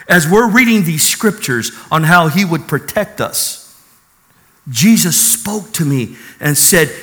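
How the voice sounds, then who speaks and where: A man's voice: a little high, lively intonation, slow pace, fairly bright tone. A man preaching a fervent sermon and telling his testimony, calling out hallelujah. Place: church hall. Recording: echoey hall.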